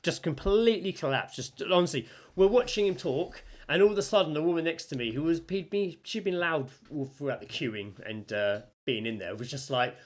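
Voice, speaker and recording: Animated man telling a story. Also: a little high, brisk, hardly any pauses. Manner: animated storyteller, acts out quoted people. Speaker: podcast co-host. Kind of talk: casual chat.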